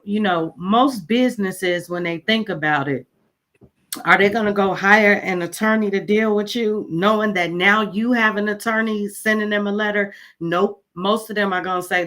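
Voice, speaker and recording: An interview host adding steady explanations and short agreements in a casual chat. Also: mid-range voice, normal speed.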